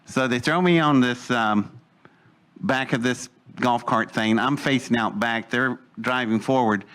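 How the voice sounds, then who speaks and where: Guy telling a wild story, gets really animated, does the voices of everyone in it. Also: medium pitch, unhurried. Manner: animated, acts out quoted voices. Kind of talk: storytelling anecdote.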